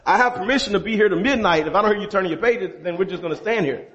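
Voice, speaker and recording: A high-voiced man preaching to his congregation. He keeps asking them questions and leaps upward for emphasis before sinking back down low. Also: very fast, a bit bright, lo-fi sound. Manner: preacherly, rises sharply for emphasis then drops low; engages the congregation with rhetorical questions. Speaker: pastor. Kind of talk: sermon.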